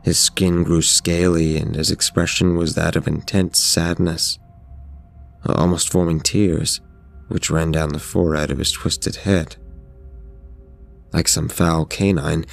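A man narrating a scripted horror story in a measured, steady way. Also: rumbling low, vocal fry, soft background music.

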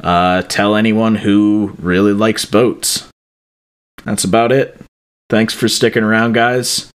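Young guy hosting a podcast, slow offhand delivery, lots of uhs, dry jokes. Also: fairly low pitch, flat delivery, clean tone. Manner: dry, offhand and joking, with many fillers. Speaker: podcast host. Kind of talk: casual podcast chat.

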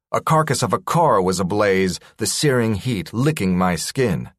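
A man's voice: fairly low pitch, dry recording, clean studio sound. A man narrating a science-fiction story in a dramatic, tense first-person reading.

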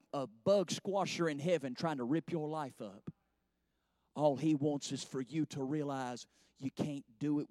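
A man's voice: fairly high pitch, a little mellow, dry recording, studio quality. A man, preaching a sermon in a church with folksy storytelling that rises to fervent passages.

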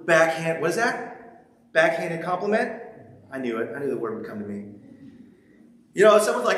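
A man's voice: fairly high pitch, animated, normal speed, long pauses, fairly bright tone. A man preaching a sermon, reading scripture and then talking with the congregation in a conversational, humorous way, often checking in with them. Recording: very echoey large hall.

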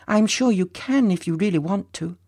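A storyteller voicing a gentle, motherly woman who coaxes softly. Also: mid-range voice, lively intonation, moderate pace, husky, no room sound, clean studio sound, voice pushed up. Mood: coaxing. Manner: soothing, coaxing.

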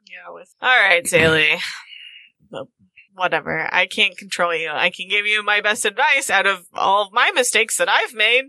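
A woman's voice: medium pitch, moderate pace, pushed and bright, dry recording. A woman playing her character in a tabletop game, talking in an exasperated, lecturing way. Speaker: player. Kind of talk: in-character role-play.

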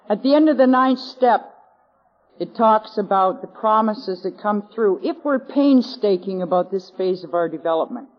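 A woman with a Canadian accent, giving a wry, self-mocking personal testimony to a convention audience, on an old tape. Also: medium pitch. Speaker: speaker at a recovery convention. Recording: dull lo-fi 1980s convention tape.

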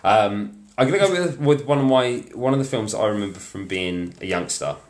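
Man, young, deep voice, halting casual chat, echoey room. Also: expressive, slight background noise. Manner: hesitant, many fillers and restarts. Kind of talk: casual chat about films.

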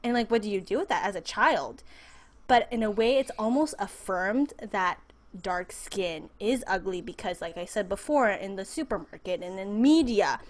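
A woman's voice: medium pitch, lively intonation, normal speed. A woman raised in the United States, a podcast guest in a casual interview, talking with animation and acting out the voices she quotes.

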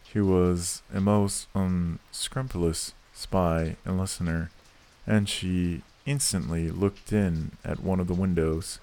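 A man narrates a classic novel in a very deep voice. His reading is slow and measured, steady from line to line. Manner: measured, unhurried storytelling. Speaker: audiobook narrator.

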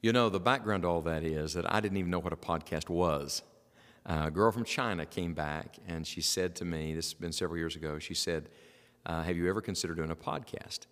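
A man with a West Virginia mountain accent, an evangelist telling stories in a relaxed interview at a camp. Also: sits low, brisk. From southern West Virginia. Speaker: evangelist and podcast guest. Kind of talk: casual interview chat. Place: indoors at a summer camp. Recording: roomy echo with long reverb.

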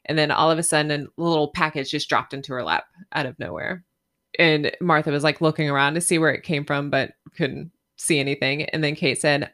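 A woman co-hosting a podcast, telling a story in a chatty and animated way and laughing often. Her voice sits low in pitch but sounds bright and forceful. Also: brisk. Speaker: podcast co-host. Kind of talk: casual storytelling.

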